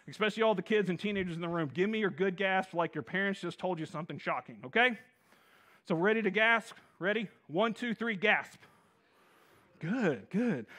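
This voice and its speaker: Playful, high-voiced male pastor preaching. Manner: playful, animated storytelling to the congregation. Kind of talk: sermon.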